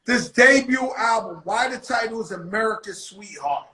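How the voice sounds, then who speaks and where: A man's voice: high-pitched, animated, normal speed, bright, forceful tone. Joking, profane male interviewer, echoey room. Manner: loose, joking, profane slang. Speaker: interviewer, rapper. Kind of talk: casual interview chat.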